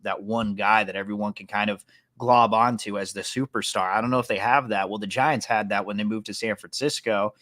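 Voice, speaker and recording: A man's voice: fairly low pitch, steady tone, brisk, fairly bright tone, no echo, clean studio sound. A man co-hosting a sports podcast, talking casually with many fillers and restarts. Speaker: podcast co-host.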